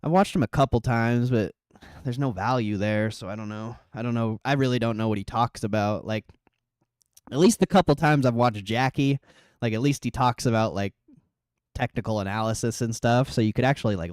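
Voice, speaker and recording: A man hosts a laid-back livestream, reading out viewer comments while joking, swearing a lot and laughing often. His mid-range voice is brisk, clean and a little mellow, captured in a dry, clean studio recording.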